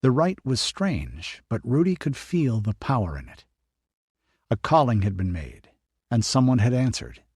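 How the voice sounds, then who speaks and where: Man reading an audiobook, steady and even, mid pitch, dry close mic. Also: unhurried, breathy edge, dry recording. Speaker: audiobook narrator. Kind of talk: scripted narration.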